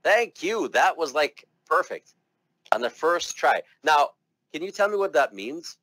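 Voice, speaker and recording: A man's voice: a little high, sing-song, a little slow, fairly bright tone, dry recording. A man teaching medical terminology to a class, chatty and encouraging, coaxing students to try the words aloud. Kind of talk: classroom lecture.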